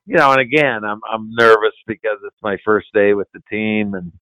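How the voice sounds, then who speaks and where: A man's voice: lowish voice, moderate pace, bright, forceful tone, no echo, lo-fi sound. An older man, a retired hockey player, casually telling a story as a podcast guest, laughing and swearing now and then.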